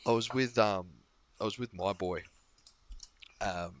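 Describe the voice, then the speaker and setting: A man's voice: fairly low pitch, unhurried, no echo. A man co-hosting a sports podcast, telling a casual story and laughing often. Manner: storytelling, laughing, swearing freely. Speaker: podcast co-host. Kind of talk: casual chat.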